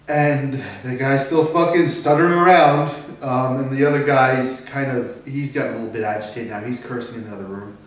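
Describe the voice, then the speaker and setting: A young man, an acting student, tells a personal monologue, at times quiet, at times agitated and swearing. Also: mid-range voice, slight background noise. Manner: emotional storytelling, swings from quiet to agitated. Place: classroom or studio. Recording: distant mic in very echoey room.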